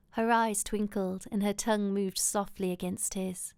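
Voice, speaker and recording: A woman reading a romance novel aloud in a soft, intimate, often whispered way. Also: medium pitch, level tone, a little slow, clear, resonant tone, dry recording. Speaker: audiobook reader.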